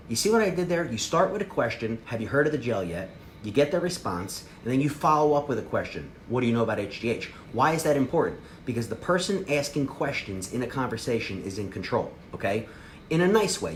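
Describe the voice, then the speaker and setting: A man's voice: mid-range voice, a little hiss or hum. A man giving a brash, slangy sales training talk to a group. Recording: echoey room with faint ambience.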